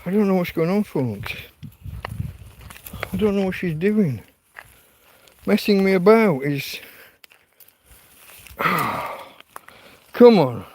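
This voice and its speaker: A man's voice: high voice, expressive, takes it slowly, pauses often, darkish tone, a little hiss or hum. A man, hosting a casual livestream from a tent in a field, talking to his dog in an exasperated, sweary way. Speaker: livestream host. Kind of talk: casual night-time livestream chat.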